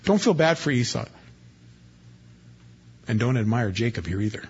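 A man's voice: medium pitch, very animated, normal speed, a little mellow, slightly rough. A male pastor preaching an expository sermon in a folksy, country-preacher manner, reading scripture aloud and then explaining it. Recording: dull lo-fi recording.

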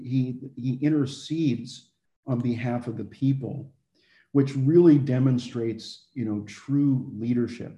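Dark-voiced man teaching the Bible casually. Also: mid-range voice, roomy sound. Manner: conversational, many fillers and restarts.

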